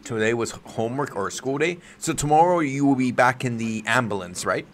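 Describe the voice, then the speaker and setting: A man hosting a live reaction stream, excitable and joking, swearing now and then. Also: medium pitch, normal speed. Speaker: watchalong host.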